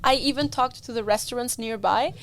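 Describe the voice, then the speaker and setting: A woman's voice: on the high side, brisk. A woman racing driver telling a story in a casual podcast chat, acting out what others said. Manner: animated, acts out quoted voices.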